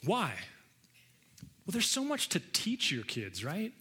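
A man's voice: high-pitched, slow, slightly rough. A middle-aged man preaching a sermon to a church audience, acting out quoted voices with lots of energy. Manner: animated, acts out quoted voices. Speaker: pastor.

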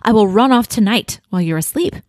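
A woman's voice: medium pitch, lively intonation, a little fast, darkish tone, dry recording, studio quality, voice pushed up, natural voice. A woman reading as a headstrong eighteen-year-old girl. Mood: determined. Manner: read-aloud storybook narration, first person.

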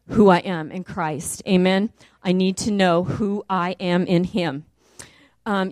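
A middle-aged woman preaching a sermon and telling a testimony, talking casually and then rising loud and high as the story peaks. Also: dry recording, clean studio sound.

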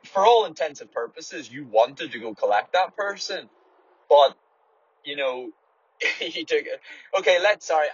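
A man's voice: mid-range voice, fairly bright tone, slightly rough, dry recording. A man from Ireland talking casually to his podcast listeners, rambling and swearing a lot as he restarts his words. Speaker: runner and podcast host. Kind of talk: casual solo podcast monologue. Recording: dull lo-fi dry recording.

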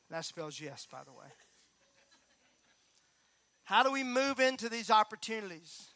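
A middle-aged man preaching a sermon, moving from calm talk to loud, repeated emphatic lines. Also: sits high, a little slow, pauses often, no room sound. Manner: builds from calm to near-shouting emphasis, repeats key phrases. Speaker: pastor.

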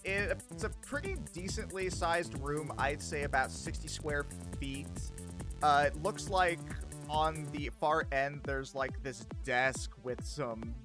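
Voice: mid-range voice, slow, music in the background. A game master narrating a tabletop game, rambling with lots of fillers.

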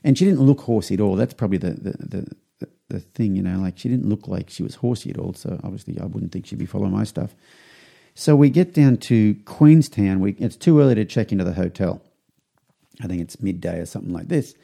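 Aussie guy, middle-aged, rambly story, gravelly low dark voice. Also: animated, brisk. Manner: rambling anecdotes, acts out quotes in a higher voice. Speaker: podcast host. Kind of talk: casual storytelling.

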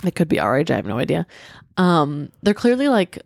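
A woman's voice: sits low, big pitch swings, a little fast, creaky, no room sound, clean studio sound. A woman in her thirties co-hosting a podcast, chatting casually and rambling with lots of filler words. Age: 30s. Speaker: podcast co-host. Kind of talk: casual chat.

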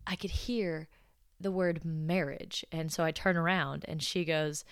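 A woman's voice: low voice, measured pace, clear, resonant tone, no echo, clean studio sound. Chatty young woman telling stories. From United States. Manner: chatty, animated, laughs at her own stories. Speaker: podcast host. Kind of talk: storytelling podcast.

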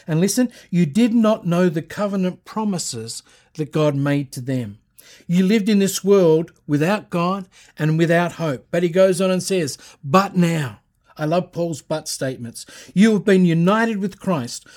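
A man's voice: sits high, a little mellow. Emphatic middle-aged male pastor preaching. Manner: emphatic preaching, rising with repeated phrases; reads scripture aloud. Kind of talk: sermon.

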